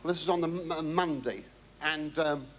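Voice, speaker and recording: A man's voice: on the high side, normal speed, a bit bright. A British man performing a rambling, camp stand-up monologue for a navy crew aboard a ship, full of theatrical, cheeky asides. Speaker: comedian entertaining navy crew. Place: aboard a navy ship, before a live audience. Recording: noisy live recording.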